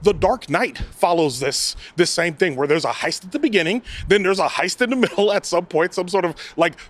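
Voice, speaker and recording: A man giving a casual spoken movie review, animated and rambling, often breaking into mock quotes. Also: high voice, fairly quick. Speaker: film reviewer.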